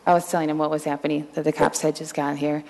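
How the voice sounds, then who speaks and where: A woman with a low, gravelly voice testifies at a hearing. She answers questions in halting, plainspoken replies. The long reverb of a big hearing room trails her words. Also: level tone, darkish tone. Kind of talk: answering questions under oath.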